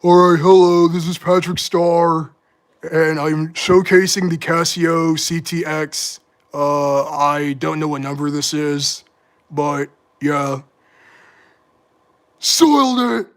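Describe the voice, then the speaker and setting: A man putting on a dim, cheerful cartoon starfish voice for a quick impression. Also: on the high side. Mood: goofy.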